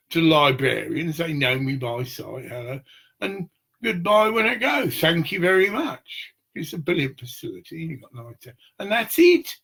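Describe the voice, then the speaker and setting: Man, gravelly and husky, rambling and swearing in a pitch-swinging monologue. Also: fairly bright tone. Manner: rambling, profane, acts out little scenes.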